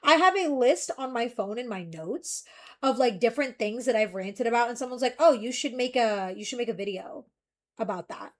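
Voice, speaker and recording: A young woman with a high voice, chatting loosely on a stream. She rambles and rants, her thoughts tumbling out in bursts and restarts. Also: moderate pace. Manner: rambling, ranting and animated. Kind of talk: casual stream chat.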